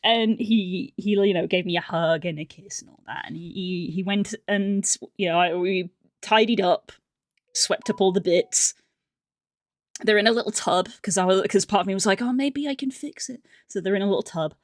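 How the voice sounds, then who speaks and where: A woman's voice: medium pitch, fairly even intonation, moderate pace, dry recording. A young woman tells a casual story on her live stream and rambles along with plenty of fillers and restarts. Her voice sits in a middle register. It is recorded close on a streaming mic in a dry, dead room. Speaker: livestreamer.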